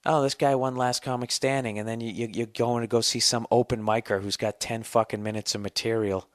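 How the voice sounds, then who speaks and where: A man's voice: mid-range voice, level tone, a little fast, no room sound. A man in his forties hosting a podcast, ranting casually with profanity and sarcasm on a close studio mic. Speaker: podcast host. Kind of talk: casual comedic rant.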